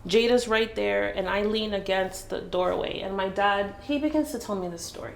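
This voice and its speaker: A woman's voice: medium pitch, gravelly, slight background noise. Woman telling a personal story. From Jamaica. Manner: earnest, halting, with many restarts. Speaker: business owner telling her story. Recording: roomy echo.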